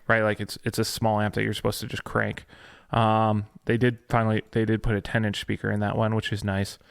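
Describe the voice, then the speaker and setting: Guy co-hosting a gear podcast, lots of ums and restarts, kinda gravelly. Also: fairly low pitch, monotone, fairly quick, no room sound, studio quality. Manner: hesitant, many fillers and restarts. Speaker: podcast co-host. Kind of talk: casual chat about gear news.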